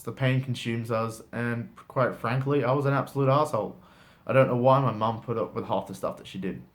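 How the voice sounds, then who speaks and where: A man speaking frankly and casually to camera in a motivational vlog, full of "like" fillers and the odd swear word. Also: medium pitch. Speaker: motivational vlogger.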